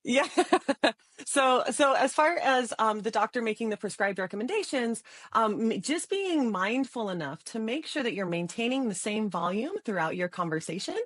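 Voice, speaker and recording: A lively middle-aged woman talks casually on a podcast and acts out sample lines in different voices. She laughs often between points. The sound is dry and close, with no room echo. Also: on the high side, normal speed. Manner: animated, laughs often, acts out example dialogue. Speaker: podcast guest, sales trainer. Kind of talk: casual interview talk with demonstrations.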